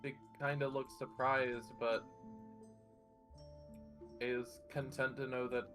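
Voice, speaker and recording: A man's voice: medium pitch, flat delivery, takes it slowly, a bit bright, soft background music. A man narrating a tabletop game as game master, in an easygoing, descriptive way.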